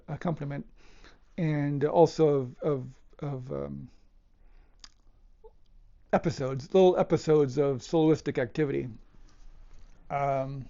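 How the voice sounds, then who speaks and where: A man's voice: on the high side, creaky. A man giving a casual cello lesson, talking in a thoughtful, hesitant way with fillers and restarts. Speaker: cello teacher. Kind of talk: casual music lesson talk. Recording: dull lo-fi audio with loud cello playing. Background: loud cello music.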